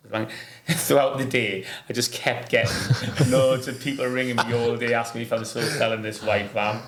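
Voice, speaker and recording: A middle-aged man with a gravelly edge to his voice hosts a relaxed podcast conversation. He is an animated storyteller whose pitch leaps upward when he gets going, and he sits at an ordinary middle height the rest of the time. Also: a little fast, hardly any pauses. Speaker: podcast host. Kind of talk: casual chat.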